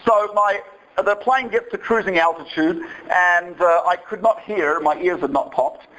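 High-voiced man telling a funny story. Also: a little slow, muffled recording. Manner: animated storytelling, acts out voices. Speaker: speaker giving a talk. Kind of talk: humorous lecture with anecdotes.

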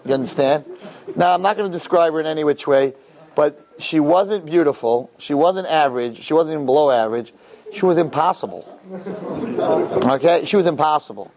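A man, a rabbi, giving a sermon to young men through an animated, joking story. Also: a little high, normal speed.

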